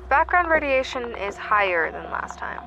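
A woman's voice: a little high, big pitch swings, normal speed, background noise. A woman playing a weary, shaken bunker engineer in a horror audio drama.

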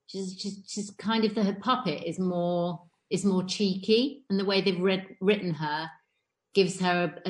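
A woman's voice: on the low side, darkish tone. A woman, an impressionist guest, chatting in an interview with a hesitant, giggly manner. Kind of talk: casual interview chat.

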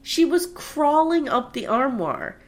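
A woman casually co-hosting a podcast, recapping a TV episode with animated storytelling and acted-out quotes. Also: high-pitched, takes it slowly. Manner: animated storytelling, acts out quotes, laughs often. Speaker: podcast co-host recapping a TV show. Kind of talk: casual chat.

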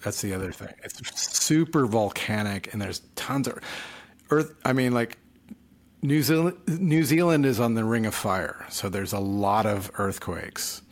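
A sleepy man talking casually late at night as a podcast co-host, halting and trailing off. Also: on the low side, expressive. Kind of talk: casual chat.

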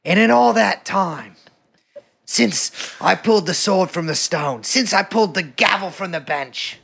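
A man voicing a pompous old male judge in a slow, grave storytelling manner. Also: high voice, lively intonation, vocal fry, fairly bright tone, breathy edge, full character voice.

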